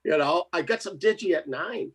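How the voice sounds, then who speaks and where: A man's voice: on the high side, animated, normal speed, a bit bright, husky. A man telling a story in casual chat, laughing often and acting out the other voices in it. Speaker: co-host.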